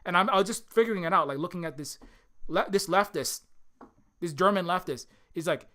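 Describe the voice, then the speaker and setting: A channel host from Hawaii delivers an impassioned political commentary monologue in a medium-pitched, brisk, sharp voice. He swears often, restarts sentences, and keeps asking "right?"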